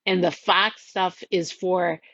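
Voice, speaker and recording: A woman's voice: fairly low pitch, fairly even intonation, slow, a bit bright, no echo, highs cut off. Giggly woman rambling through a story. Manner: rambling, giggly, lots of "like" and quoted voices. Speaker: storyteller recounting a game plot. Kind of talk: casual retelling.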